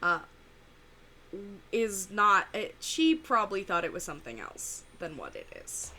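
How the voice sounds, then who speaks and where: A woman giving casual, rambling reaction commentary full of fillers and pauses. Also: mid-range voice, big pitch swings, sharp tone. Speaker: reaction video host.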